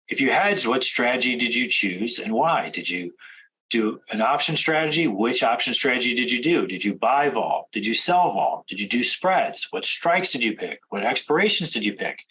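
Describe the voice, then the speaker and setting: A man coaching traders in a direct instructional talk, firing off rapid questions. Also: medium pitch, fairly bright tone, breathy edge, rough recording. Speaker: trading coach.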